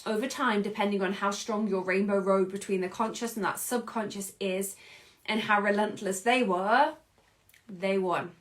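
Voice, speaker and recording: A British woman in her thirties hosting a podcast, speaking in an expressive reflective monologue and often laughing. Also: medium pitch, normal speed. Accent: British English. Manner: expressive, acts out quoted voices, laughs often. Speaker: podcast host.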